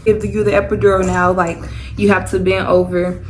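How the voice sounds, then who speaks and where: A woman's voice: medium pitch, little pitch movement, moderate pace, a little hiss or hum, poor audio. A young woman telling a personal story to her viewers in a loose, rambling, chatty way. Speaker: vlogger. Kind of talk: casual storytime chat.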